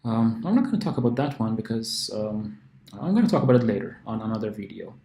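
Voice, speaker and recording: A man's voice: lowish voice, big pitch swings, fast talker, warm tone. A man teaching English letter sounds, patiently repeating each example word. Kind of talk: phonics lesson explanation. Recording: echoey room.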